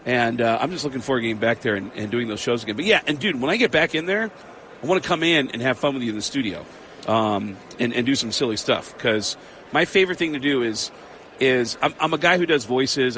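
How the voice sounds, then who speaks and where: A man, a comedian and voice actor, telling stories in an animated way as a guest in a casual interview. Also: mid-range voice, fast, slight background noise. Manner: animated, laughing storyteller. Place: outdoor radio row at a big game.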